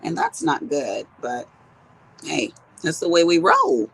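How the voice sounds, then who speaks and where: A low, gravelly woman's voice with a lot of rasp in it, belonging to a woman in her fifties. She chats and tells stories to her viewers as she works on a craft project. Her pitch swings widely from phrase to phrase. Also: huge pitch swings, slow, fairly bright tone, poor audio. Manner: chatty storyteller talking to viewers as she works. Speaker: crafting vlogger. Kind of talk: casual chat while crafting.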